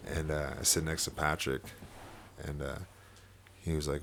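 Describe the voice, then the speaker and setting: A young man with a very low voice tells a long personal story in a relaxed podcast conversation. He leans on fillers, swears freely and laughs as he talks. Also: normal speed, gravelly, pauses often, a little hiss or hum. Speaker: podcast guest. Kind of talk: casual storytelling chat.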